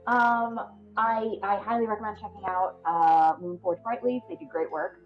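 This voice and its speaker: A woman's voice: medium pitch, fairly even intonation, moderate pace. A woman with a Midwestern accent chatting casually and rambling as she signs off from a tabletop game stream, with lots of ums. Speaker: tabletop game player and podcast host. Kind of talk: casual sign-off chat. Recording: dull lo-fi stream audio, faint music.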